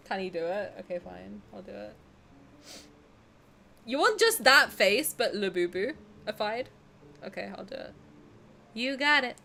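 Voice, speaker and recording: A woman's voice: mid-range voice, big pitch swings, unhurried, a bit bright, slight background noise. A young Southern English woman streaming a game, chatting casually in a bubbly, giggly, self-mocking way. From South of England.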